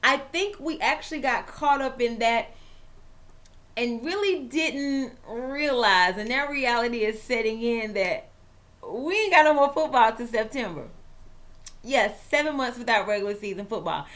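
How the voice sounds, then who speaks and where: A woman's voice: fairly high pitch, measured pace. A woman hosting a chatty football vlog, playful and dramatic. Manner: lively, playful, dramatic asides. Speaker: vlog host and author.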